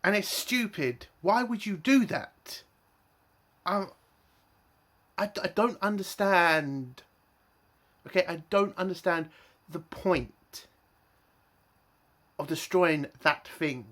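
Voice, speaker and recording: A man's voice: sits high, slow, pauses often, a bit bright. A man giving an exasperated, swearing review rant full of emphatic rhetorical questions.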